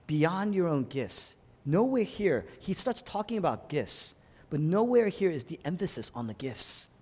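Male pastor, slightly high voice, very lively delivery, preaching in a church with long hall reverb. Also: measured pace, slightly rough. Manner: impassioned preaching, surging from hushed lows to soaring emphatic peaks. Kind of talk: sermon.

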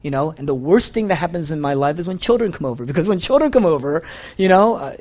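Man, pastor, conversational sermon, earnest, confessional, many restarts, fairly high voice. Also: lively intonation, fast talker, darkish tone. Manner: earnest, confessional, full of "you know" and restarts.

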